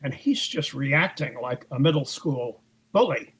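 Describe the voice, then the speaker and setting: His medium-pitched voice is expressive and unhurried, heard on a rough recording with a little hiss or hum. Being interviewed as an author, the man goes through events at length in a conversational style, voicing other people's lines loudly, and he often uses fillers and starts over.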